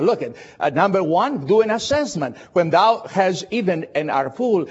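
A man preaching a sermon in English, slow and emphatic, repeating phrases for effect. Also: high voice, slightly rough, lo-fi sound. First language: Spanish.

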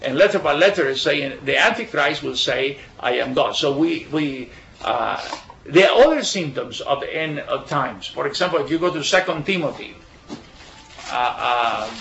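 A man giving an informal Bible talk full of anecdotes, halting with frequent fillers and restarts. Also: a little high, fairly bright tone, slight background noise. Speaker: bible study speaker. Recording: echoey room, dull lo-fi sound.

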